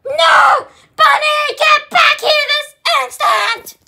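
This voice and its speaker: Woman voicing a high, whiny puppy toy. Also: animated, measured pace, full character voice. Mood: bossy yelling. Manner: high, pleading and shouty.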